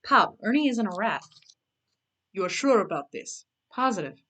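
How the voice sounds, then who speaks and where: A woman's voice: medium pitch, very animated, fairly bright tone. A woman voicing a brash young adult man, a mobster's son, who talks casually and answers bluntly. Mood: defensive. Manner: casual, blunt, quick retorts.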